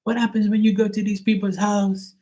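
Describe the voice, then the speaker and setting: A man's voice: high-pitched, level tone, a little fast, warm tone, voice pushed up, close to an everyday voice. A man voicing his 80-year-old father as an exasperated, disbelieving parent who berates his son. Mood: berating.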